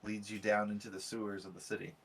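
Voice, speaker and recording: A man's voice: on the low side, little pitch movement, fast talker, a little hiss or hum. A man narrating as game master in a casual, hesitant way with many fillers.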